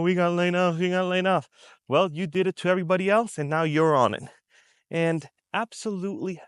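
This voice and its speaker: A man's voice: on the high side, no echo, studio quality. A man from the United States talking straight to his viewers in unscripted commentary, emphatic and conversational, repeating his points and acting out how people react. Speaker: commentary vlogger.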